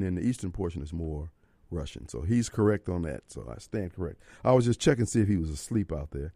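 A man's voice: low-pitched, lively intonation, brisk, mellow, dry recording, studio quality. Fiery talk radio host, man. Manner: preachy, fiery, rhetorical questions. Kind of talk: opinionated talk radio monologue. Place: radio studio. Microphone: studio microphone.

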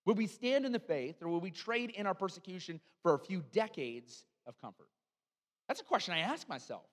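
A male pastor preaching a sermon in a church, animated and conversational, with frequent asides to the congregation. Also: high voice, fairly quick, big-room sound.

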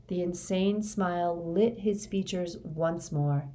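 A woman reading a novel aloud in quiet, even narration. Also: lowish voice, slow, hardly any pauses. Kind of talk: audiobook narration.

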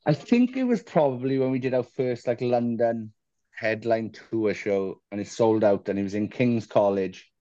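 A man rambles through self-deprecating stories in a casual interview, swearing now and then. His voice is mellow and dark, recorded close and dry. The sound is a little muffled. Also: mid-range voice, expressive, normal speed, dry recording. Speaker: musician guest.

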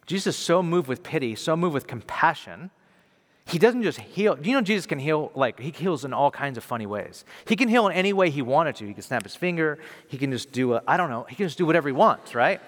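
A male pastor giving a conversational sermon, animated, then dropping softly for emphasis. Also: fairly high pitch, a little fast. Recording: reverberant hall.

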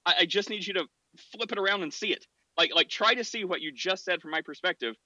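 A man's voice: high-pitched, fast, sharp tone, no room sound, muffled recording. A man hosting a podcast, arguing in a casual debate with frequent restarts and short laughs. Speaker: podcast host.

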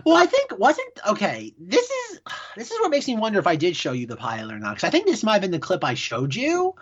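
A man co-hosting a casual podcast, talking haltingly with many restarts. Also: sits high, huge pitch swings, a bit bright, husky. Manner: halting, full of likes and restarts. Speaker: podcast co-host. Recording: dull lo-fi mic.

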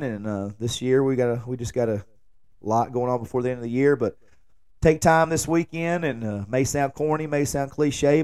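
A man's voice: medium pitch, clean tone. A man, hosting a podcast and telling a long joking story in a rambling late-night monologue. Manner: rambling, joking, animated when quoting himself. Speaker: podcast host.

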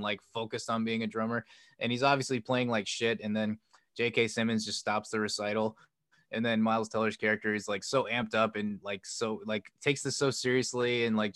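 A man with a fairly low voice talks casually as a podcast co-host. He rambles loosely, filling his sentences with "like" and "um", and lifts his voice when he acts out quoted lines. The sound is dry and close. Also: a bit bright, dry recording. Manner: loose and rambling, heavy use of "like" and "um". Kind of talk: casual chat recounting a film plot.

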